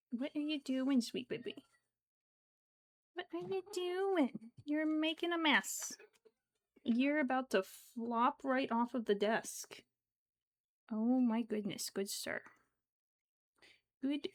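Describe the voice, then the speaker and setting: A woman streaming her crochet work, talking softly in baby talk to her cat between steps. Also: on the high side, vocal fry. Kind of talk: casual livestream chat.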